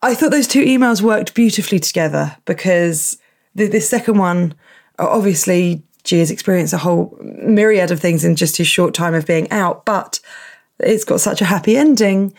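Croaky woman hosting a podcast. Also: fairly low pitch, moderate pace. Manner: warm enthusiastic interviewer, gasps and laughs. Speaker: podcast host. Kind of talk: casual chat, reading listener emails.

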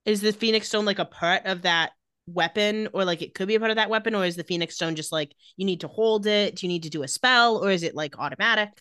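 A woman's voice: medium pitch, fast talker, a bit bright, clear, resonant tone, dry recording, studio quality. A woman co-hosting a podcast, casually recounting TV scenes with wry asides. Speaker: podcast co-host. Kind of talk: casual TV episode recap.

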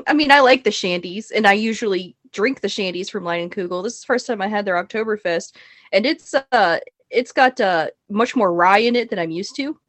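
A woman's voice: medium pitch, brisk, a bit bright, no echo. A woman guest in a casual podcast chat, giggling often as she talks. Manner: giggly, chatty.

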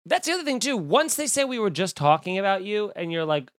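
Animated male podcast host, high voice. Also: a little fast, few pauses, no echo, clean studio sound. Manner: animated, acts out quoted voices. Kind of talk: casual chat. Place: home room.

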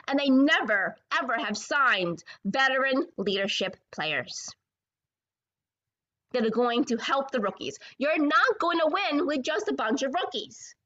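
A woman's voice: sits high, fairly bright tone, muffled recording. A woman hosting a sports podcast, ranting in a combative, profane and sarcastic way. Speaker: podcast host.

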